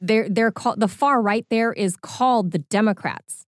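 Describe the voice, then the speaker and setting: A woman's voice: on the high side, normal speed, dry recording, studio quality. Conversational woman co-hosting a talk show. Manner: conversational, with light laughter. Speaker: co-host.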